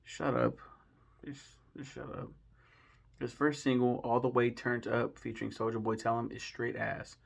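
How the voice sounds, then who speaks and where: A man's voice: mid-range voice, level tone, normal speed, gravelly, hardly any pauses. A young man giving blunt, profane, mocking commentary on rappers in a casual chat. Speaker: channel host.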